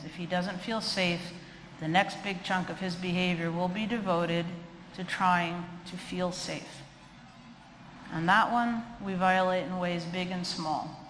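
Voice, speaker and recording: A middle-aged woman, a dog trainer, giving a lecture with funny stories and acting out quoted voices. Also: lowish voice. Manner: animated, chatty, acts out quoted voices. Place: lecture hall. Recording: echoey hall with faint noise.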